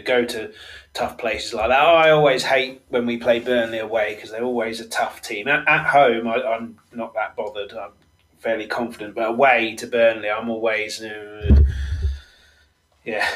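A man's voice: medium pitch, a bit bright, poor audio. A man hosting a solo football podcast, chatting casually with lots of fillers and self-corrections. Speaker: podcast host.

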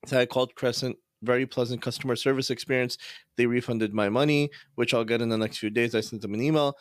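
A man hosting a podcast and talking fast in a casual, frustrated rant, with Islamic phrases scattered through his speech. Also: mid-range voice, steady tone, no echo, clean studio sound. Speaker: podcast host.

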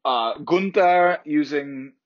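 A man's voice: fairly high pitch, takes it slowly, lo-fi sound. A man hosting a podcast, recapping wrestling shows in a rambling, opinionated solo chat with many restarts. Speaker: podcast host.

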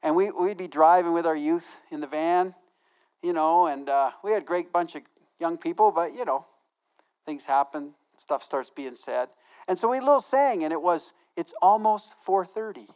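A middle-aged man, a pastor, preaching a lively sermon. He acts out quotes with laughs and drops to a soft, low voice for personal stories. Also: moderate pace, clean tone.

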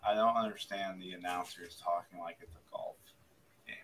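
A man's voice: deep voice, steady tone, moderate pace, a loud crowd. A man from Kentucky co-hosting a podcast, arguing about sports coverage in casual chat with an opinionated, emphatic manner. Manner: opinionated, emphatic, many "like" fillers. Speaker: podcast co-host.

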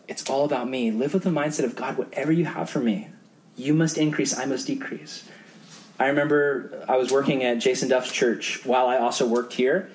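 A man's voice: a little mellow, slight background noise, rough recording. A young man preaching a youth group sermon as the youth pastor, earnest and conversational. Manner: earnest and conversational, acting out quoted voices in a higher pitch.

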